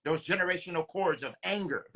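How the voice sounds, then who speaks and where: A man with a bright, forceful voice, preaching earnestly and circling back to his points. He speaks in a relaxed podcast conversation, pitched a little above the usual male range. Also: a little fast, a little hiss or hum. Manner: earnest, preachy, repeats phrases. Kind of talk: casual chat.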